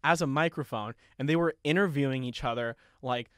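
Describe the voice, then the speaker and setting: Cursing freely and laughing a lot, a young man hosting a podcast gives an animated, casual retelling of a story. His mid-range voice is smooth and fairly quick. It's a clean studio recording with no room sound.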